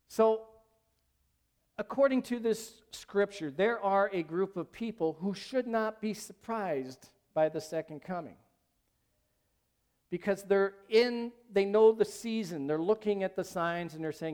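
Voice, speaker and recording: A man's voice: sits high, expressive, measured pace, a little mellow, clear, resonant tone. A man preaching a sermon as pastor at a church service, talking conversationally and asking the congregation questions.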